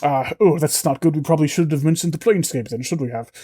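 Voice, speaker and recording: A man's voice: a little high, fast talker, mellow, slightly rough, no room sound, clean studio sound. A man voicing a chubby, pompous hippo-faced military officer in old-fashioned regalia, blustering with old-timey exclamations. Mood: musing.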